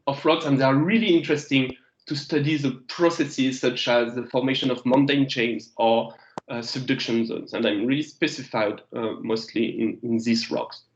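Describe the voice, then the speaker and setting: Students hear a visiting geologist, a Frenchman in his thirties, over a video call with echoey, lo-fi sound. He speaks English at a medium pitch with a French accent, often breaking off and restarting while he looks for the words.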